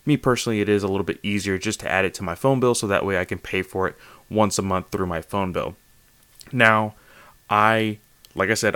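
A man's voice: on the low side, a bit bright, clear, resonant tone, no echo. A man hosting a casual solo manga review podcast late at night, tired and slightly slurring, rambling with lots of fillers and restarts. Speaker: podcast host.

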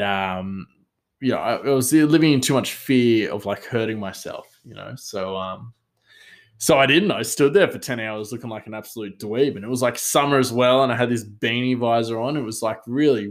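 A man's voice: mid-range voice, normal speed. A man telling a casual, rambling story with many fillers, self-mocking and often laughing.

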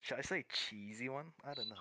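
Gravelly-voiced man telling cheesy lines. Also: medium pitch, brisk, sharp tone, no echo, low-quality recording. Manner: jokey, tells cheesy pickup lines. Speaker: dating game guest. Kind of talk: casual chat.

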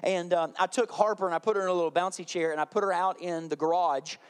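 A man in his thirties preaching a sermon, telling animated family stories and acting out his children's lines. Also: high voice, quick pace, clear, resonant tone. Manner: animated storytelling, acting out his kids' voices. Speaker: pastor.

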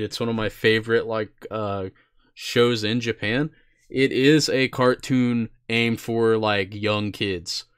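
A young man with a smooth, resonant voice, chatting loosely about shows he likes. He rambles, drops fillers and the occasional curse, and his pitch sits in an ordinary middle range. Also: fairly bright tone. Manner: laid-back, swears casually, rambling with fillers. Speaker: podcast co-host. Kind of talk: casual chat.

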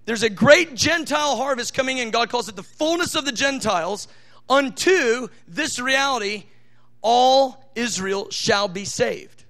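Fervent high-voiced male preacher. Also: sharp tone. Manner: fervent, emphatic, varies pace from rushed asides to slow stressed phrases. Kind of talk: sermon, Bible teaching.

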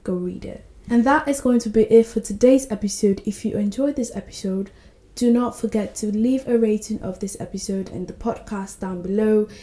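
A woman hosting a book podcast, retelling scenes with lively character voices in casual chat. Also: medium pitch, moderate pace, roomy sound.

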